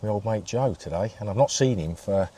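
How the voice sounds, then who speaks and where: A man's voice: fairly low pitch, expressive, fairly quick, mellow, breathy edge. A middle-aged man, hosting a casual interview in an easygoing way, often agreeing along. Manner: easygoing, lots of agreeing "yeah". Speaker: host interviewer.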